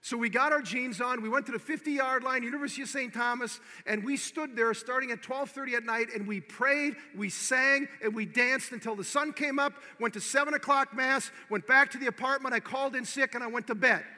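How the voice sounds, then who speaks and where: A man preaching, telling a personal story with animated acted-out dialogue and swinging from hushed to loud exhortation. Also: very high voice, brisk, few pauses. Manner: animated storyteller, acting out both sides of the dialogue. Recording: long hall reverb.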